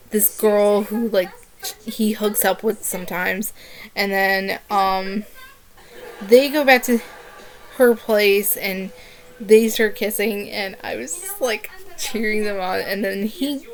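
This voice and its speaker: A young woman chatting casually in a book review vlog, rambling and gushing with constant "like" fillers. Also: medium pitch.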